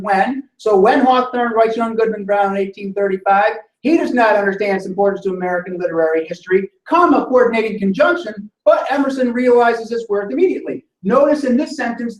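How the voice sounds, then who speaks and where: A man teaching a classroom lesson on grammar, explaining step by step and often checking in with the class. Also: sits high. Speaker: instructor. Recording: roomy sound from a distant mic.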